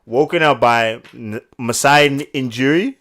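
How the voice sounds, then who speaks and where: A man co-hosting a podcast, laughing and swearing in animated banter. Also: mid-range voice, unhurried. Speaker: podcast co-host. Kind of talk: casual chat.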